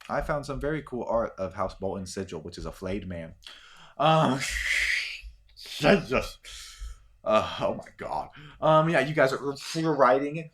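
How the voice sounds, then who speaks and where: A man's voice: medium pitch, lively intonation, a little slow, fairly bright tone. A man narrating a tabletop role-playing game as game master, casual and rambling with lots of fillers.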